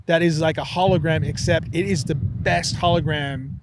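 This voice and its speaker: A podcast host with a fairly high voice spins a wild story in casual chat, full of animated, excitable energy and casual swearing. He talks quickly in bursts and drops his voice low for effect, with a faint hiss under the recording.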